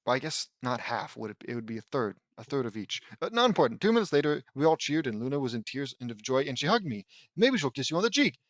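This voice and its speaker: A man's voice: mid-range voice, lively intonation, fast talker, hardly any pauses, no echo. A man reading fan fiction aloud, breaking off for sarcastic, complaining asides. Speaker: audiobook reader.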